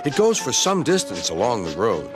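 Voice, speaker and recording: A young man narrating a children's train story with a lively, expressive reading. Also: mid-range voice, normal speed, over music. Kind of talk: storybook narration, fan remake.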